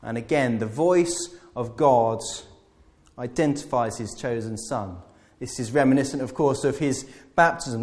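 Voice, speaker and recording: A man delivers a sermon at a middle pitch, earnest and explanatory. He often backs up and restarts a phrase before pressing on, in the steady cadence of a pulpit talk. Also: unhurried. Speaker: preacher.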